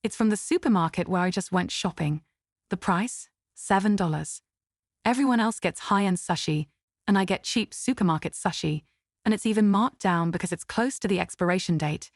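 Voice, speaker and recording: A woman narrating a first-person family drama story in an even, steady way. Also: mid-range voice, moderate pace, no room sound, clean studio sound.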